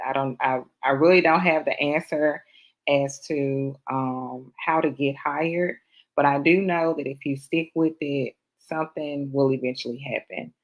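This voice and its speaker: A woman's voice: extremely low pitch, steady tone, unhurried. A woman guest on a podcast who teaches cybersecurity awareness, talking casually in a modest, hesitant, friendly way. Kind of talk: casual interview chat.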